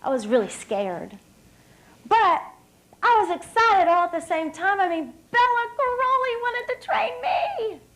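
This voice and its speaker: Woman in her thirties from West Virginia, high and bright; upbeat, emphatic storyteller giving a podium speech. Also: poor audio. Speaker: hall of fame speaker. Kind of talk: public speech. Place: stage at an evening banquet.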